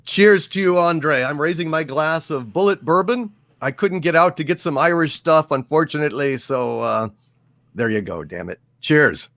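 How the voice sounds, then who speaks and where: A man hosting a casual livestream, reading super chats aloud and toasting his viewers in a halting way with many fillers. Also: a little high, a bit bright, no room sound. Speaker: livestream host.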